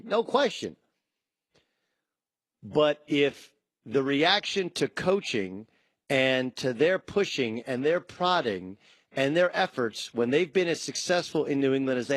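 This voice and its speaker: A man hosting a sports talk show, riffing in an animated way and acting out quotes in shifting voices. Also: on the high side, dry recording. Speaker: sports talk radio host.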